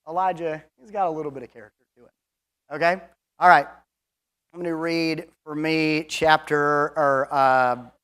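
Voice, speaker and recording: A man's voice: on the high side, fairly bright tone, smooth. Man teaching a casual Bible class. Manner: conversational, chatty, with asides and fillers; reads scripture aloud between comments.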